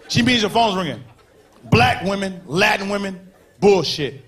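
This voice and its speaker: A man doing a stand-up comedy set on a stage, loud and animated, shouting punchlines and acting out characters. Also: high voice, a little slow. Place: comedy stage before a live audience. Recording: live show with crowd noise. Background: audience laughter.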